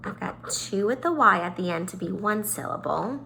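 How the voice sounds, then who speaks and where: A woman's voice: medium pitch, lively intonation, normal speed, creaky, pushed and bright, slight background noise. A woman teacher giving a phonics lesson to young children. She has a sing-song way of talking, stretching and stressing each sound.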